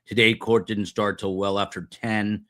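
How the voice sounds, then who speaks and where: A male host gives a live trial recap in a conversational way and raises pointed questions as he goes. His voice sits a little low. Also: level tone, moderate pace, fairly bright tone.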